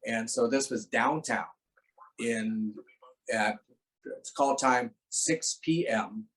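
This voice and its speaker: A man's voice: medium pitch, slow, fairly bright tone, rough recording. A man, a guest actor, telling a rambling anecdote in casual chat on a video call, acting out the voices he quotes.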